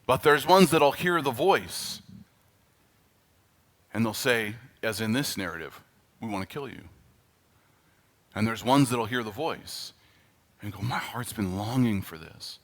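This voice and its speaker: A man with a Canadian accent preaching a sermon as pastor, emphatic and animated, at times dropping to quiet, earnest asides. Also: on the low side, a little slow, pauses often.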